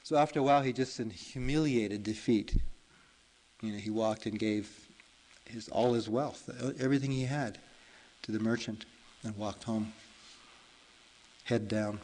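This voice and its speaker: A man's voice: lowish voice, unhurried, pauses often, low-quality recording. Man telling a story in a dharma talk. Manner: relaxed, chatty, many fillers and self-corrections. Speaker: meditation teacher.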